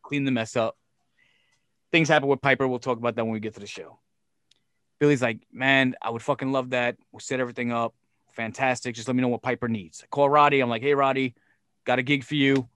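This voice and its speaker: A man's voice: medium pitch, clear, resonant tone, no echo, clean studio sound. A man casually telling a long story and acting out the other people's lines, swearing often. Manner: profane, animated, acts out quoted voices. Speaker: podcast guest telling stories.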